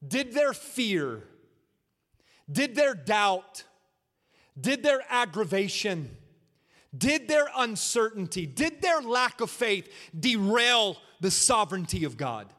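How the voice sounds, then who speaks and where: A male pastor preaching a sermon with dramatic swings from shouts to hushed asides and repetitive, rhythmic phrasing. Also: sits high, big-room sound.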